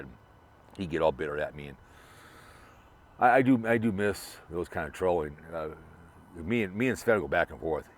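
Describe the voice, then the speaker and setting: Remembering a late fellow creator as he drives, a vlogger talks in a loose, repetitive ramble, often starting over. His low-pitched voice has lively intonation, a normal speed, and frequent pauses.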